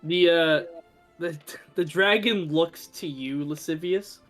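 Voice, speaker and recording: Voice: mid-range voice, slow pace, soft background music. Chatty tabletop game master. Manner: chatty, loose, many fillers.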